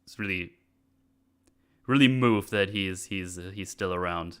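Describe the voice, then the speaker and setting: A man hosting a casual movie review chat, retelling scenes in quick quoted voices and laughing often. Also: deep voice, fairly bright tone, smooth. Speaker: podcast host.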